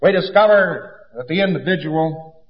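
A man's voice: on the high side, normal speed. A man giving a lecture in an emphatic, folksy way and acting out little anecdotes. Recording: dull lo-fi recording in a reverberant hall.

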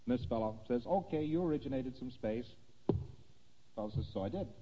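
A man giving a lecture, talking through diagrams in a conversational, animated way and checking that listeners follow. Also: mid-range voice, brisk, heavy background noise. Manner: conversational, animated, asking "see that?". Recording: dull lo-fi recording in a reverberant hall.

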